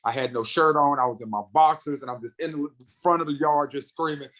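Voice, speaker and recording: A man in his thirties from North Carolina talks as a podcast guest, with a medium-pitched voice and lively storytelling energy. He speeds up when he gets excited and acts out the voices of the people in his stories. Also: poor audio. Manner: animated storyteller, acts out quotes, fast bursts. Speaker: comedian and radio host, podcast guest. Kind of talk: casual interview storytelling.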